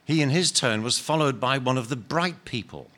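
A man reading a book passage aloud at a church service in a measured, expressive way. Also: mid-range voice. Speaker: scripture reader in church.

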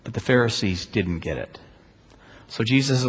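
A man preaching a sermon as pastor, asking rhetorical questions and moving between loud emphasis and quiet, hushed stretches. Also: medium pitch, lively intonation, moderate pace, breathy edge. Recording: long church reverb.

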